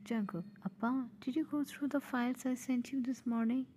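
A woman's voice: high voice, fairly even intonation, normal speed, warm tone, a little hiss or hum, natural voice. A woman voicing a cold, possessive young male mafia heir in a fan audio drama, speaking in a teasing, often whispery tone.

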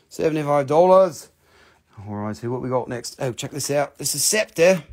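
A man's voice: fairly high pitch, moderate pace, vocal fry, a little mellow. A man hosting a live sale, rambling casually, swearing and repeating prices. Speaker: live stream seller of minerals. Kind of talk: casual live sales talk.

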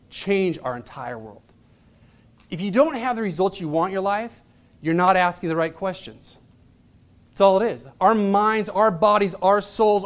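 A man in his thirties giving a motivational presentation, telling stories in a casual, chatty way and acting out the voices of the people in them. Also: high voice. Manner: casual, chatty delivery with fillers. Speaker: motivational speaker. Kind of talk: storytelling presentation.

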